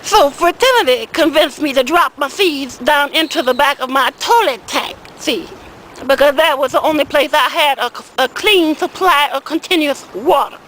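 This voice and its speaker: Uncle Dan, a woman doing a high-voiced rambling old man. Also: normal speed, a bit bright, slight background noise, poor audio. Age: older. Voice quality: folksy, rambling, repeats "I said" and "see". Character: older Southern man, rambling small-time weed seller. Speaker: comic character monologue. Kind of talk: comedic storytelling in character.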